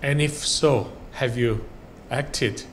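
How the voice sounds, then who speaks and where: In a church sanctuary, a male pastor preaches slowly and earnestly, his cadence deliberate and his pitch an ordinary middle range. His phrases often trail off softly to a quiet close, and a faint hiss of background noise runs beneath the recording.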